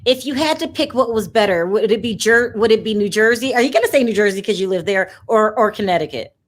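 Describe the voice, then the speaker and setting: A woman's voice: medium pitch, animated, fast. A woman in a casual chat, blunt and teasing.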